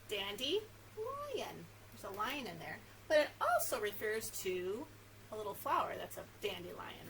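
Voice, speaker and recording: A woman children's librarian at story time, talking to young children in an animated, sing-song way and reading a picture book aloud. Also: medium pitch. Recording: distant mic with faint background noise.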